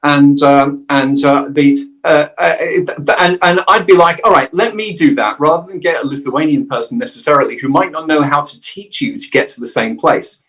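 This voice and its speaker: A middle-aged man, a voice actor and dialect coach, answering interview questions in a lively storytelling way. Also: fairly high pitch, normal speed, hardly any pauses. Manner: animated storyteller who slips into quoted voices.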